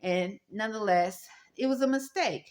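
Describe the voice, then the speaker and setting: A woman rambling through a personal workplace story, halting and restarting often, with an apologetic tone. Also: mid-range voice, a little mellow. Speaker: vlogger recounting a workplace story.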